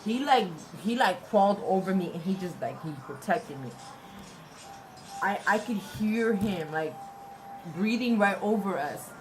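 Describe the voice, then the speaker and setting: A young woman telling a personal story in a casual, halting way, often repeating and restarting her words. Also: mid-range voice, lively intonation, low-quality recording. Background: music.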